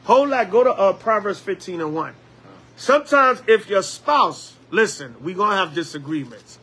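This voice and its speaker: A man preaching a Bible lesson as an elder, lively, with call-and-response and acted-out quotes. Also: high-pitched, normal speed, slightly rough.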